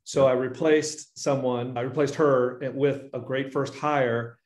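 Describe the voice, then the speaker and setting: A man's voice: mid-range voice, unhurried. Man telling stories in a roomy space. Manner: animated storyteller who acts out quoted voices. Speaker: guest, painting business owner. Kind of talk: casual interview storytelling. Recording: roomy echo.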